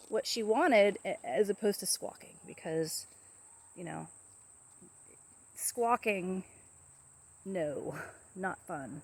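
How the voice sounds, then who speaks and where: Gentle rambling woman chatting to camera. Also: mid-range voice, gravelly. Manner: rambling, many fillers and restarts, soft and gentle. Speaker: channel host talking about her pet macaw. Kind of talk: casual chat to camera.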